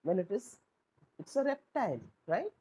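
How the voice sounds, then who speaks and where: A woman, teaching a class and explaining slowly with rhetorical questions. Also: mid-range voice, very animated, dark tone, slightly rough, poor audio. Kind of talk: classroom lesson.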